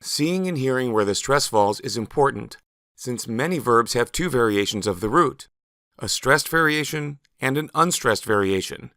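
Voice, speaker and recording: A man narrating a scripted language lesson, slow and careful, stressing syllables clearly as he models words. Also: medium pitch, expressive, pushed and bright, no echo, studio quality. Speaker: Spanish teacher.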